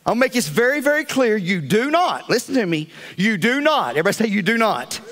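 A man preaching a fiery sermon as pastor, swinging between loud calls and hushed asides. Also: high voice, very animated, brisk.

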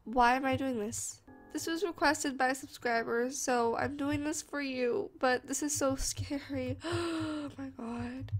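A woman's voice: high-pitched, slow. A young woman playing a horror game for her channel, jumpy and easily frightened, gasping and crying out often. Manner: jumpy, screams and gasps often. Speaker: gamer. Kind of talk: horror game let's play.

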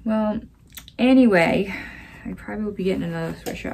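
A woman's voice: mid-range voice, a little fast, creaky, a little mellow. A woman hosting a casual crafting vlog, chatty and rambling, with plenty of fillers as she talks. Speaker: crafting channel host.

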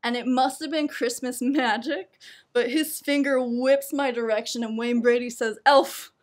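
A woman's voice: a little high, moderate pace. A young adult woman performing a personal story, laughing often and poking fun at herself. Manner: laughs often between lines, lively and self-mocking.

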